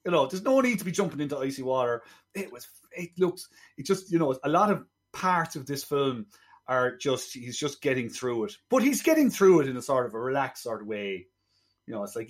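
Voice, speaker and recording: A man's voice: mid-range voice, very animated, a little fast. Chatty man retelling a film plot. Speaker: film podcast co-host. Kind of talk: casual film review chat.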